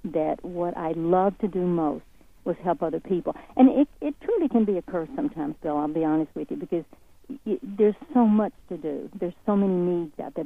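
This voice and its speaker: A woman with a Southern accent, a guest speaking in an interview in a folksy, earnest, encouraging way. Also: low voice. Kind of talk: motivational interview talk. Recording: tinny phone line.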